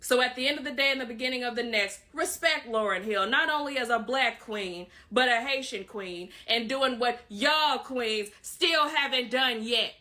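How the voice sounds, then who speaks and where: A woman's voice: fairly high pitch, moderate pace, hardly any pauses, bright, forceful tone. A woman, delivering a blunt, profane, scolding online rant.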